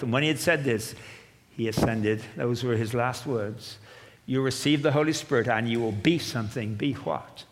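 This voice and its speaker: A man preaching a sermon, moving between loud proclamation and quiet asides. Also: mid-range voice, normal speed. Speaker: pastor. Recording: long reverb of a large hall.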